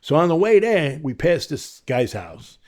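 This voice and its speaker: A man's voice: a little high, unhurried. A middle-aged man from Long Island with a New York accent, telling his story as a podcast guest and acting out the voices of the people in it. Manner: animated, acts out quoted voices in his story. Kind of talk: storytelling in an interview.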